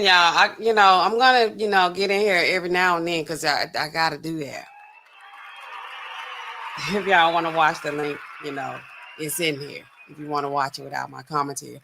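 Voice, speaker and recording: A woman's voice: deep voice, steady tone, normal speed, creaky, sharp tone, a little hiss or hum. Woman, pharmacist host, casual commentary, chatty, talks to viewers. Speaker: pharmacist host reacting to news. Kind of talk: casual commentary over a news clip.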